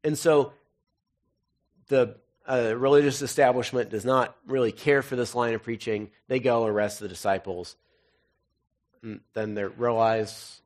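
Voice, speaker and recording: A man's voice: mid-range voice, steady tone, measured pace. Man preaching a casual, joking sermon. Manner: jokey, conversational asides between readings. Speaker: pastor. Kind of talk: casual, humorous sermon with scripture reading.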